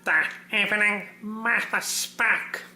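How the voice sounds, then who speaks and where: A man voicing a childlike sock puppet that reads a picture book aloud in a slow, sing-song way. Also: sits high, steady tone, pushed and bright, roomy sound, exaggerated voice. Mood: playful.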